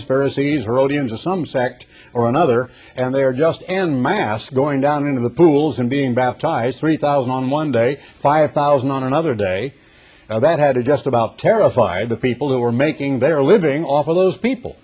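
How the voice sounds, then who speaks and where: A man preaching a sermon, reading scripture slowly and emphatically, then explaining it in a conversational way. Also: medium pitch, darkish tone, breathy edge.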